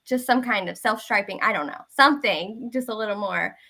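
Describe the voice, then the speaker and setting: Woman, Southern US accent, bright clear tone, laid-back guest, lots of fillers. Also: mid-range voice, a little fast. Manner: casual, easygoing, many fillers. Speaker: guest designer. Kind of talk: live online Q&A chat.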